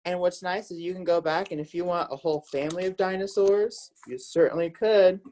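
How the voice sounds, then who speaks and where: A camp instructor leading an online kids' class over a video call in a gentle, guiding way. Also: medium pitch, fairly quick.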